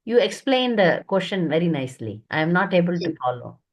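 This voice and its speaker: Lively, direct woman teacher. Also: lowish voice, fairly quick. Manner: direct, scolding, lively storytelling. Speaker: spiritual teacher answering questions. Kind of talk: spoken guidance session.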